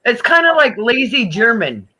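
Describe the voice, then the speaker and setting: A man in a casual group chat who talks in an excitable, profane way and jokes loudly. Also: extremely high pitch, normal speed, crowd noise, rough recording.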